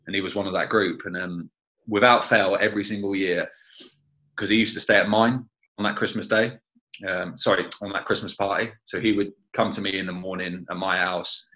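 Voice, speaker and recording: Brief: low-voiced man with a forceful, bright edge, chatty teammate reminiscing in an interview. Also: fairly even intonation, fairly quick, poor audio. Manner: chatty, fills with "you know" and "like that, like". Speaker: former teammate.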